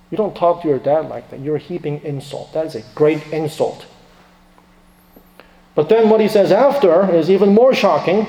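A man preaching a sermon with a high, mellow voice that carries through a large reverberant hall. He swings from loud, emphatic questions to hushed, quiet asides. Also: normal speed.

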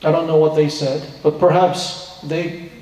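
A man's voice: fairly high pitch, little pitch movement, measured pace, darkish tone. A man preaching a sermon, explaining a scripture story in an earnest way and asking his listeners rhetorical questions. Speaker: pastor. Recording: echoey hall from far off.

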